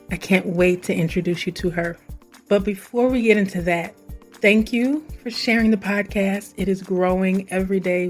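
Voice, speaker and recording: Woman podcast host, missouri-raised, chatty and excited, wanders off topic a lot, soft music in the background. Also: mid-range voice. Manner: chatty, enthusiastic, digressive. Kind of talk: casual podcast monologue.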